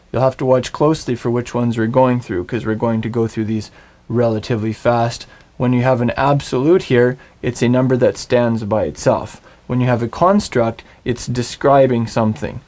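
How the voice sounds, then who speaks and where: A male Hebrew teacher leads a recorded language lesson, patiently drilling each word at an unhurried, deliberate pace so viewers can follow along and repeat. His medium-pitched voice is a little mellow, captured as a close, clean voice-over.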